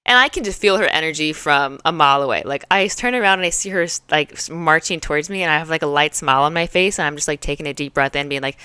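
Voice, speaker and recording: A young adult woman hosting her show, telling a story in a chatty, animated way full of fillers. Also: low-pitched, fast, hardly any pauses, clean tone, no echo. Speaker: podcast host. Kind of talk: casual storytelling.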